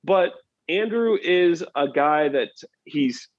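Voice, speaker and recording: A man speaking as a podcast guest in a relaxed, rambling way with many fillers. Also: a little high, slow pace, dry recording. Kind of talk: casual podcast chat. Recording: dull lo-fi sound.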